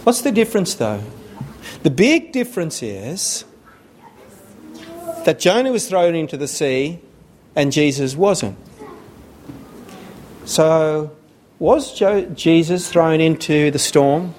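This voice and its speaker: A man's voice: a little high, lively intonation, slow pace, pauses often, a little mellow, a little hiss or hum. A man preaching a sermon, earnest and repeating phrases for emphasis.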